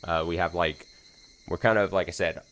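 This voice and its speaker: A man with a very low voice opens his let's play stream in a slightly hoarse, casual ramble. He talks in a loose, self-deprecating way and fills gaps with ums and likes. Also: steady tone, normal speed, a bit bright. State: slightly hoarse from screaming the night before. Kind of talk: casual stream chat before reading a visual novel.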